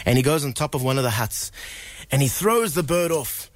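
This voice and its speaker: A man's voice: mid-range voice, fairly quick, no room sound. Earnest middle-aged male storyteller. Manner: earnest, animated storyteller with many fillers and repeats. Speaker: musician guest. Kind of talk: live radio storytelling.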